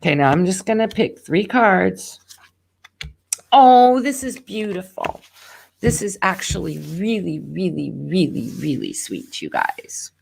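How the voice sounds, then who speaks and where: Slow, lively-voiced woman reading tarot. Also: on the low side, vocal fry, husky. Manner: rambling, tangential, talks to viewers directly. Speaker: tarot reader hosting a live show. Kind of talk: casual live-stream tarot reading.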